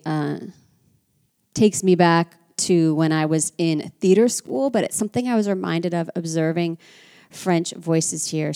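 An American woman talks through a casual lesson in a chatty, reflective way. Her voice sits low, with a gravelly fry and a mellow, dark tone. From United States. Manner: chatty and reflective, with frequent asides. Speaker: French language and culture teacher. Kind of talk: casual teaching monologue.

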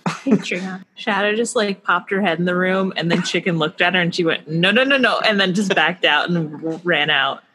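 A woman's voice: lowish voice, steady tone, normal speed, sharp tone, a little hiss or hum. A woman co-hosting a book podcast in casual chat, giggly and stumbling over words when reading aloud. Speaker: podcast co-host.

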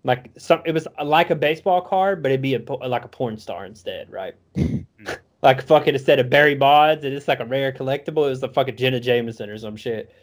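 A man's voice: mid-range voice, a little fast. A young man telling a rambling, profanity-laden story in a casual drawl.

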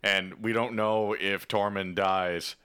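A man retelling an episode in casual, profane chat, acting out the characters in quick voices. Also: on the low side, fairly even intonation, sharp tone, smooth. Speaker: podcast co-host recapping an episode.

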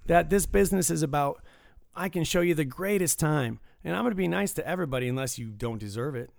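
A man's voice: a little high, lively intonation, quick pace, creaky, dry recording, clean studio sound. A man chatting casually and emphatically about customer service at work. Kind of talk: casual chat.

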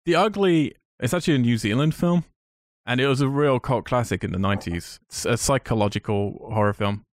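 A man's voice: mid-range voice, fairly quick, dry recording, studio quality. A man co-hosting a podcast, chatting about films with enthusiasm and a rambling, restarting way of talking. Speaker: podcast co-host. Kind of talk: casual film chat.

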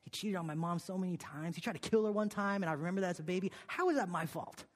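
A man preaching a sermon, telling a personal story with many "okay?" and "right?" asides, dropping to a hush and then rising with emphasis. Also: sits high, expressive, fast talker, big-room sound. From Korea. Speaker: pastor.

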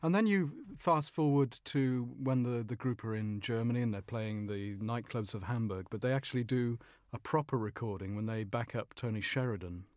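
British male music journalist, mid-pitched, explanatory chat, dry booth sound. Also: darkish tone, no room sound. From Britain. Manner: measured storytelling, explanatory. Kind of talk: conversational discussion.

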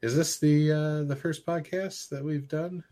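A man co-hosting a casual podcast, trading dry, deadpan jokes. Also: a little high, unhurried. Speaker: podcast co-host.

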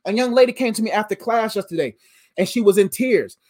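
A woman preaching a sermon in an animated, emphatic way, using slang and calling her listeners "fam.". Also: medium pitch, quick pace.

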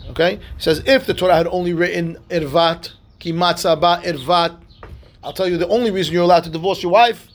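A man's voice: high voice, fairly even intonation, brisk. A man, a rabbi teaching a daily Talmud class, reads Hebrew and Aramaic text and explains it in conversational English, often checking in with "right?" and "okay?".

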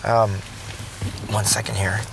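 A man's voice: fairly low pitch, flat delivery, slow, vocal fry, background noise. A man in his thirties, a father, talking through a reflection on parenting in a casual vlog that turns preachy, earnest and rambling with many restarts, from inside a car.

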